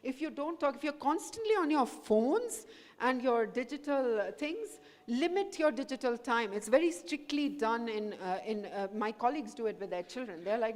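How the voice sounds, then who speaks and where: A woman's voice: fairly high pitch, lively intonation, normal speed, darkish tone. Earnest woman speaker in an echoey hall. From India. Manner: earnest, encouraging, mixes Hindi into English. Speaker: guest speaker, professor. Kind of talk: talk to students. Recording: echoey hall with long reverb.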